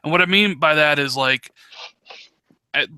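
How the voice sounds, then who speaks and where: A man with a very bright, sharp voice on a gaming podcast, recorded dry and close. He lays out his opinions analytically and often restarts his sentences. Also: fairly high pitch, unhurried, clean tone, no echo. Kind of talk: casual gaming podcast chat.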